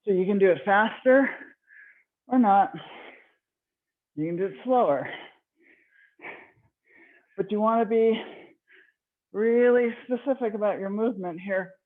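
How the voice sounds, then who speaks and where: A woman's voice: mid-range voice, a little slow, long pauses. A woman fitness instructor leading a live online workout class, slightly out of breath, encouraging and counting reps. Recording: tinny phone-like online call audio.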